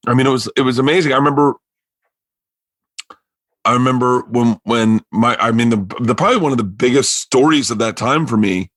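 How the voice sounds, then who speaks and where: A male comedian, a guest on a podcast, tells a story in casual chat with a medium-pitched, brisk voice and no room sound. He's animated, restarting often and acting out the other people's quotes.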